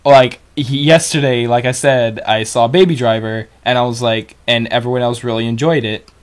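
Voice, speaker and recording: A young man in casual chat as a podcast co-host, rambling and animated, restarting sentences as he retells scenes. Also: mid-range voice, normal speed. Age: young adult.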